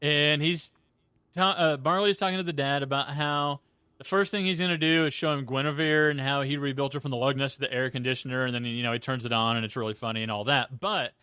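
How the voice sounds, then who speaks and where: Animated man, bright crisp voice. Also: mid-range voice, fast, no echo. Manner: animated, acts out quoted lines, swears casually. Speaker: podcast co-host. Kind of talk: casual film-review podcast chat.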